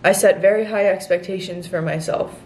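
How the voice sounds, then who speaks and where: A woman's voice: medium pitch, steady tone, normal speed, darkish tone, a little hiss or hum. A 21-year-old woman speaking candidly in a confessional vlog, emotional and close to tears, filmed outdoors and then indoors on a camera set down nearby. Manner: emotional, candid, tearful at times. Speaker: vlogger.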